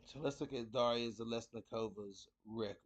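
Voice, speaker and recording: A man's voice: mid-range voice, moderate pace. A man hosting a casual fight preview, rambling and repeating words with lots of fillers. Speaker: host of a fight picks show.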